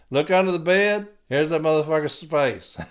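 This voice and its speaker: A man hosting a podcast alone, talking bluntly and cursing a lot, dropping to mutters and then rising to loud rants. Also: fairly high pitch, expressive, a little slow, creaky. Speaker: podcast host. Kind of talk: casual podcast monologue.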